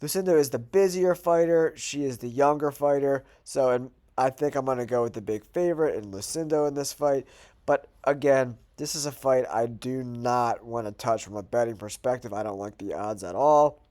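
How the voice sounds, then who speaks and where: A man with a stuffed-up, nasal voice from a cold hosts his own show. He talks casually and thinks out loud, with plenty of fillers as he works through his picks. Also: medium pitch, normal speed. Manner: chatty, thinking aloud with fillers. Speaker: host. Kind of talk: casual betting predictions monologue.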